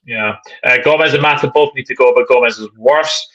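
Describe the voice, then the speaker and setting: A man's voice: mid-range voice, fairly quick, a bit bright, muffled recording. A man hosting a live football chat stream, reading viewer comments aloud in a chatty way. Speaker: host.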